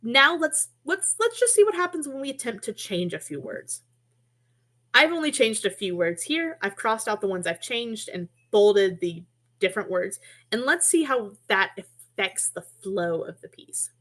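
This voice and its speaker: A woman's voice: a little high, big pitch swings, moderate pace, a bit bright. Woman teaching poetry in a friendly webinar. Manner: friendly, explanatory, casual asides and small self-corrections. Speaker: webinar presenter teaching poetry through music. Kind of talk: online teaching presentation.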